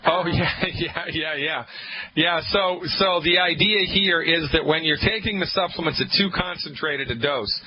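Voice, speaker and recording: A man's voice: on the high side, normal speed, music in the background. A male radio show host giving call-in advice in an upbeat, salesy way, repeating his key points. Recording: muffled radio broadcast with faint noise.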